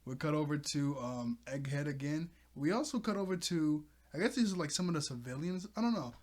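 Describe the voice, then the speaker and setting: A man's voice: fairly high pitch, lively intonation, a little fast. A man giving a casual, rambling recap of a manga chapter, chuckling as he goes. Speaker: manga reviewer.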